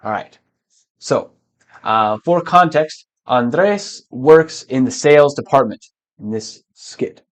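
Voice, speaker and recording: A man teaching English verbs patiently, often switching to Spanish to explain and clearing his throat now and then. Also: mid-range voice, lively intonation, takes it slowly. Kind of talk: language lesson.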